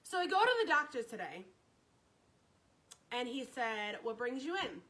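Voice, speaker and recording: A woman's voice: a little high, very animated, unhurried, fairly bright tone, poor audio. A woman telling a story on her live stream, chatty and repetitive, greeting viewers by name as she talks.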